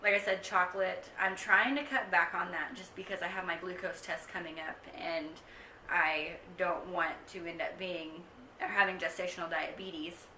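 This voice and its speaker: A woman's voice: fairly low pitch, fairly even intonation, normal speed, pushed and bright, distant mic, slight background noise. Chatty young woman in echoey room. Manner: chatty, rambling with frequent ums. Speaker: vlogger giving a pregnancy update. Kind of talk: casual chat to camera. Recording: echoey room, mic set back.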